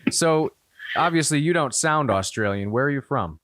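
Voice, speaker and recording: A man's voice: medium pitch, lively intonation, moderate pace, fairly bright tone, no room sound, studio quality. A man from the American East Coast hosting a podcast, asking questions in an easygoing way and laughing along. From east coast of the USA. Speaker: podcast host. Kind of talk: casual podcast interviewing.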